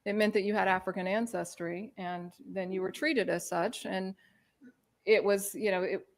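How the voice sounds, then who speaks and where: A woman presents a talk in an easy, conversational way, often padding her sentences with small filler phrases. Her voice sits at an ordinary middle pitch for a woman. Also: fairly even intonation, moderate pace. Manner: informal, many filler phrases. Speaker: presenter on hair culture. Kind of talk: conversational lecture.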